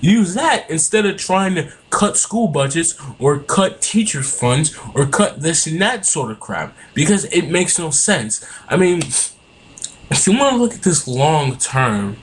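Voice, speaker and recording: A man's voice: fairly high pitch, sing-song, unhurried, slight background noise. A young man in a heated, profane political rant, recorded on a webcam at home. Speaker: vlogger. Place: home room.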